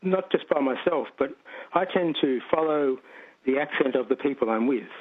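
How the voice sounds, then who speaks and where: A man's voice: mid-range voice, lively intonation, moderate pace, husky. Chatty Australian man on a phone line. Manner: chatty, hesitant, rambling. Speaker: caller. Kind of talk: casual phone-in chat.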